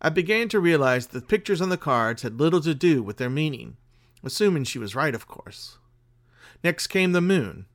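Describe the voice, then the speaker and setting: A man hosting a podcast and reading a spooky tale aloud in a measured, dramatic way. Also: mid-range voice, a bit bright. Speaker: podcast host and story reader. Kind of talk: scripted story narration.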